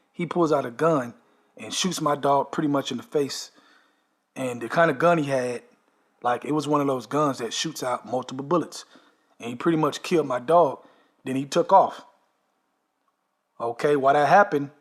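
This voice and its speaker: A man telling a long story in a casual, emphatic way, often tagging his sentences with "man" and "okay". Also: fairly high pitch. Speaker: storyteller recounting a dream. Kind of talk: casual monologue.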